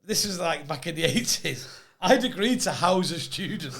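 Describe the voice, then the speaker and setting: A man in his fifties hosting a podcast, chatty and quick to laugh as he tells stories. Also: on the high side, lively intonation, gravelly, a bit bright, breathy edge. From England. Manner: chatty storyteller, laughs often. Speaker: podcast host. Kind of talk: casual chat.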